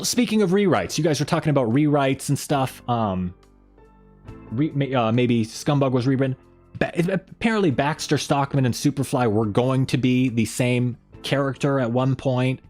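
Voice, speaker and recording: Man, live stream host, casual rambling chat, reads viewer comments aloud, middle pitch, faint background music. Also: darkish tone.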